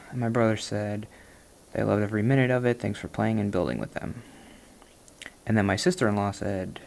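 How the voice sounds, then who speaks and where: Low gravelly man rambling casually. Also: a little hiss or hum. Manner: self-deprecating, rambling, soft-spoken. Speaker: gaming vlogger.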